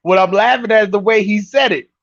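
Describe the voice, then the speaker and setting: A man's voice: sits high, fast, a bit bright, no echo, muffled recording. A man hosting a podcast, giving mocking, incredulous reaction commentary on live-stream clips in slangy street talk and laughing often. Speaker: podcast host.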